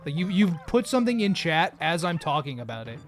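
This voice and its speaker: A man's voice: fairly high pitch, big pitch swings, a little fast. A man chatting casually while live streaming a game, rambling and joking at his own expense. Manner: rambling, joking, often laughing at himself.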